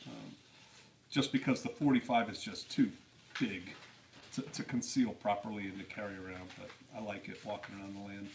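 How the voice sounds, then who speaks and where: A man's voice: on the low side, expressive, normal speed, gravelly. Laughing man on a distant mic. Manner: laughing storyteller, acts out quotes in a raised voice. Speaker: podcast co-host. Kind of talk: casual live-stream chat. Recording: distant mic, faint noise.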